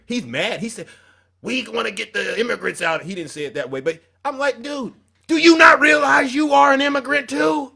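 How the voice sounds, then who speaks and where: A man's voice: high voice, gravelly. A man hosting a reaction show, mocking and lecturing the person in a clip. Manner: mocking, preachy, animated. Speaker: show host.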